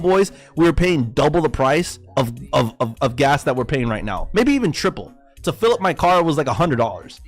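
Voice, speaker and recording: A man hosting a trading livestream, ranting heatedly and profanely and calling his viewers boys. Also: fairly high pitch. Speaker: livestream host and forex trader. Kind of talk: casual livestream political rant.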